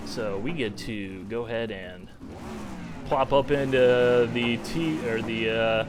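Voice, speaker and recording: A Midwestern American man with a mid-range voice talks slowly and casually while live-streaming a racing sim, with background noise audible. He rambles and pokes fun at himself.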